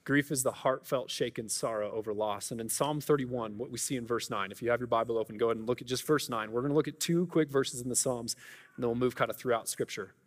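A man's voice: mid-range voice, quick pace, long reverb tail. A man preaching a sermon as a pastor, talking in an earnest, conversational way with many restarts and asides. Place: church auditorium.

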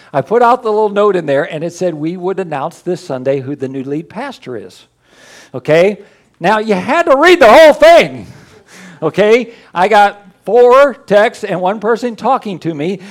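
A man with grandchildren, a pastor preaching in a folksy, rambling, joking way, with quiet prayers between the talk. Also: high voice. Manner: folksy, rambling, jokey storytelling. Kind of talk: casual sermon with prayer.

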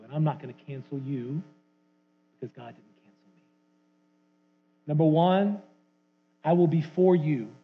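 A man preaching as a guest in church, his voice a touch high and husky. He acts out quotations loudly, then drops to hushed, quiet lines. The sound is thin and narrow, like a phone line. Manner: dramatic, acting out quotes with big swings from loud to hushed. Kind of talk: sermon.

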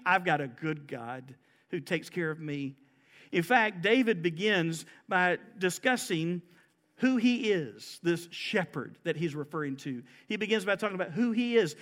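High-voiced preaching man. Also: a bit bright. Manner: preaching with rising emphasis and quoted scripture. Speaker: pastor. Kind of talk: sermon.

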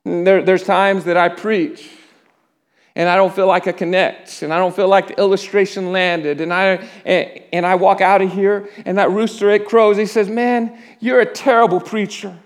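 A man preaching a sermon in a church, often restarting his words and dropping to a hush at the solemn parts. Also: high voice, level tone. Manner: halting restarts, drops to a hush at solemn moments. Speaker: pastor.

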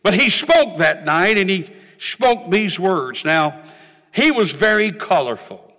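Male preacher, bright, lively pitch, slow rhythmic cadence, long hall reverb. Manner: rhythmic, rising and falling preaching cadence, drawn-out refrains. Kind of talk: sermon.

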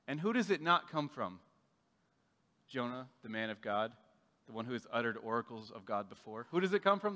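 A man's voice: on the high side, pushed and bright, in a large hall. A man preaching a sermon in a casual, conversational way, acting out the voices of the people in the story. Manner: conversational, acts out quoted voices. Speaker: pastor.

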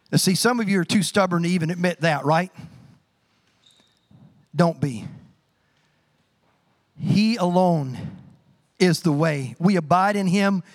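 This middle-aged man delivers a sermon as a pastor, his voice sitting high. His storytelling is lively and humorous, complete with sound effects.

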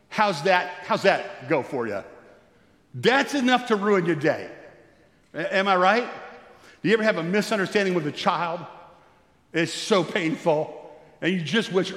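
Preaching man in an echoey hall. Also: fairly bright tone. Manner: expository preaching, rising in pitch when stirred. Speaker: pastor. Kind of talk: sermon. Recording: echoey hall with long reverb.

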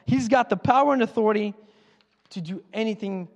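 A man preaching a sermon in a casual, animated way, acting out Bible characters in quick voices. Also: high voice, highs cut off. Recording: long hall reverb.

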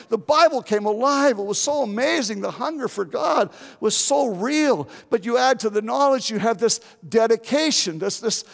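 An older man in his seventies preaching in a church, his voice high for a man and gravelly. He talks earnestly, repeating and restarting his words. A long reverb trails behind him. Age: 70s. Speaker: pastor. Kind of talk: sermon.

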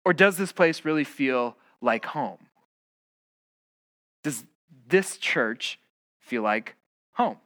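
A man's voice: mid-range voice, animated, slow, pauses often, fairly bright tone, no room sound. A male pastor giving a conversational sermon, telling stories casually with fillers and restarts. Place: church.

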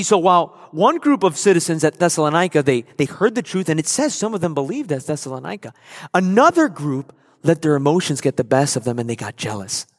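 A male pastor preaching a sermon, emphatic and repeating key phrases for effect. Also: a little high. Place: church sanctuary. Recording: long hall reverb.

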